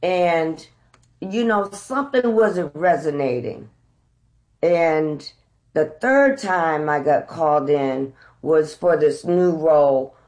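Woman, middle-aged actress, slow deliberate talk, reflective, candid storytelling. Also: low-pitched. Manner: unhurried, reflective, animated when retelling. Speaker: actress guest.

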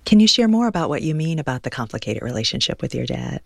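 A man hosting a radio interview, asking calm, gentle questions. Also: mid-range voice, quick pace, creaky, no echo, clean studio sound.

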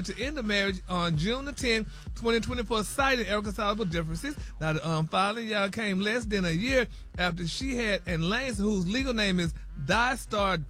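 A man reading celebrity news on a radio morning show, animated and gossipy, sprinkling in "y'all" and "honey". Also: sits high.

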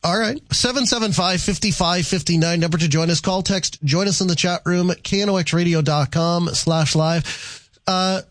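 A man's voice: sits high, normal speed, a bit bright, dry recording, studio quality. A man hosting a radio talk show in an easygoing way, sometimes stumbling over his words.

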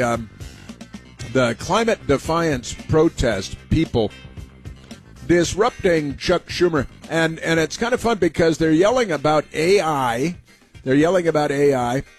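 A man hosting a talk show, giving combative, rambling political commentary with frequent fillers. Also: on the high side.

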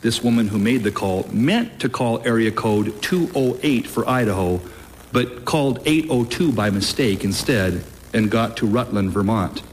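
A man preaching a sermon with emphatic, deliberate delivery, lifting his voice on key phrases. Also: lowish voice, a little hiss or hum. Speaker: pastor.

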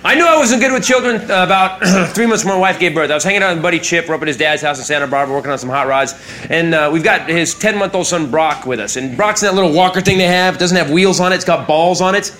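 Higher-voiced guy telling a rambly stand-up story, chill delivery, noisy club audio. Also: fast, a bit bright. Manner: laid-back, rambling anecdote with fillers. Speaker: stand-up comedian. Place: comedy club stage with audience laughter. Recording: noisy live club recording.

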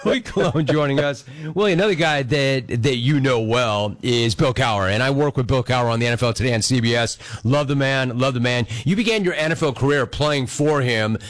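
A man's voice: medium pitch, fairly quick, few pauses. A man hosting a casual sports interview, laughing often and speaking with emphatic enthusiasm. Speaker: radio show host.

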